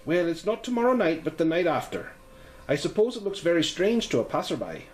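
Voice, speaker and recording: Guy putting on a high lilty scottish-ish landlady, chatty and homely. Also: sing-song, fairly quick, darkish tone, echoey room, a little hiss or hum. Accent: Scottish-sounding put-on lilt. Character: kindly village landlady, warm but guarded.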